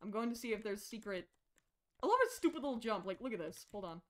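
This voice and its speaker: Young woman gamer talking to herself on stream, swoops all over her range, loud yelps at jump scares. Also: mid-range voice, fast. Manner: excitable, shrieks and laughs when startled, jokey self-talk. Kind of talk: live horror game commentary.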